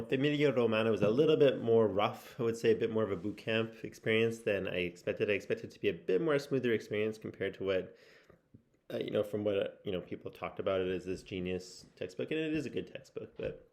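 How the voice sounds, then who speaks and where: A man talking through a casual video update on his language study, rambling and musing with lots of restarts. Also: lowish voice. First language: English. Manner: rambling, with many fillers and restarts; musing and self-reflective. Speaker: language-learning vlogger. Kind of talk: casual spoken progress update.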